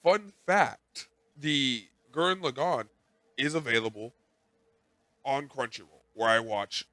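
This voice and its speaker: Male podcast host, bright tone, dry close sound, rambling self-mocking storyteller. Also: medium pitch, takes it slowly, no room sound. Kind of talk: casual chat.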